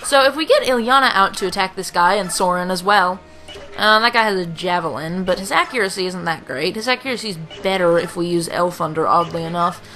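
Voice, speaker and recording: Bright, dry young woman gaming. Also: fairly low pitch, fairly quick, soft background music, rough recording. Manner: dry, rambling, self-mocking asides. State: slightly rough throat. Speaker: let's play commentator. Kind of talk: video game commentary. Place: home room.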